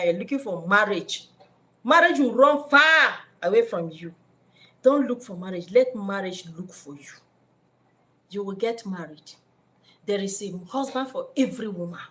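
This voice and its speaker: A woman with a Nigerian accent giving spiritual life advice in an animated way, acting out scenes in different voices. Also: medium pitch, slight background noise.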